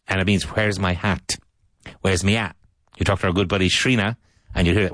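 A man from Ireland runs an English vocabulary lesson, speaking slowly and repeating each term for his learners. His voice sits very low. The recording is dry and close, with no room sound. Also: steady tone, a bit bright, no room sound. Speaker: English teacher.

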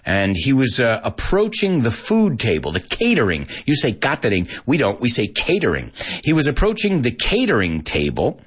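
A man teaching English to Spanish speakers in a casual, animated show, acting out lines and then translating them. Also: medium pitch, normal speed, hardly any pauses, breathy edge. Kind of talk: bilingual language lesson, casual and animated.

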